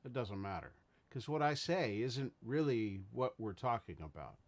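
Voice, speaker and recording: A man's voice: medium pitch, animated, normal speed. Male streamer, mid-range voice, earnest and rambling, chatting with viewers from home. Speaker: livestream host. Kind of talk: casual livestream talk.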